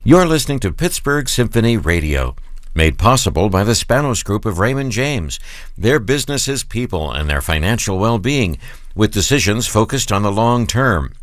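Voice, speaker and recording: Low-voiced male radio announcer. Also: very animated, moderate pace, no echo, studio quality. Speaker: sponsor announcer. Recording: radio spot with music bed.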